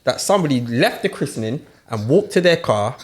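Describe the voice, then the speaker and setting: A man, co-hosting a casual group chat and telling stories with animated, rising outbursts. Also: medium pitch, a little fast. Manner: animated storyteller, laughs and raises his voice. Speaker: podcast co-host.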